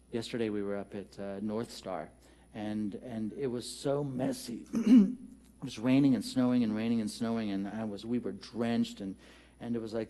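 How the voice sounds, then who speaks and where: Speaking from the sanctuary of a church, a minister tells stories in a relaxed, funny sermon aimed straight at his congregation. His voice sits on the low side and sounds mellow.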